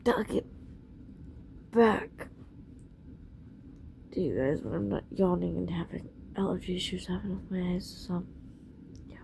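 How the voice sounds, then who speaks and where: A slow, sleepy woman talks to her camera from bed, often dropping to a whisper. Her voice is mellow and gravelly, and a faint hum of the room sits behind her. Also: lowish voice. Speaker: vlogger. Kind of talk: casual late-night vlog. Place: bedroom, in bed under blankets.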